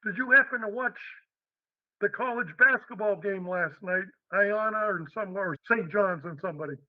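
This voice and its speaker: A man voicing a gruff, blunt middle-aged male office worker with a New York accent. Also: sits high, normal speed, no echo, phone-quality sound, natural voice.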